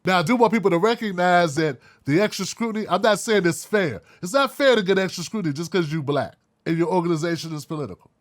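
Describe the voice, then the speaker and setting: A man's voice: high-pitched, animated, fast talker, hardly any pauses. A man hosting an opinion commentary show, blunt and fired up, swearing freely. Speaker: host.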